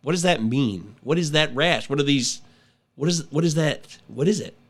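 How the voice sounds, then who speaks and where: A man in a casual film chat, asking questions in a halting way with frequent restarts. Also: on the high side. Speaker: podcast co-host discussing a film.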